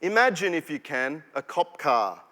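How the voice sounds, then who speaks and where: Punchy Australian spoken-word poet, bright voice. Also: male voice, a little high, sing-song, moderate pace. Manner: rhythmic, punchy delivery with sudden drops and bursts. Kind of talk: spoken-word poetry performance. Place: performance hall. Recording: long hall reverb.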